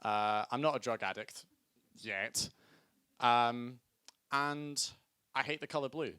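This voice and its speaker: A young Scottish man compering a student stand-up show, with a bright, forceful voice. He talks in a chatty, self-mocking way and breaks into loud calls to hype the crowd. The sound is dry and close, with little room echo. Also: mid-range voice, slow, smooth. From Scotland. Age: young adult. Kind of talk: live stand-up comedy. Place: student comedy night venue.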